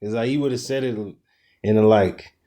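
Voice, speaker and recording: A man's voice: mid-range voice, moderate pace. A man casually leading a scripture study, explaining verses with slang and profanity. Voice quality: profane, slangy, animated commentary. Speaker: bible study leader. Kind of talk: casual bible study discussion.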